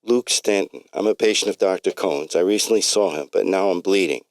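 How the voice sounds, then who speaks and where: A man's voice: low voice, fairly quick, no echo. A man voicing a sick, desperate middle-aged patient in a read-aloud story. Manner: pleading, urgent.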